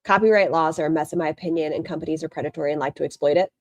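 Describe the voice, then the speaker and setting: A woman's voice: low-pitched, rapid-fire, darkish tone. A woman hosting a live stream, giving blunt, sarcastic reaction commentary and swearing freely.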